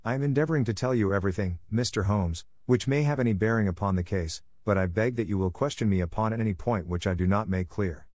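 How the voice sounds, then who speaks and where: Male audiobook narrator, low voice, dry close recording, measured first-person telling. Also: a little mellow, no echo.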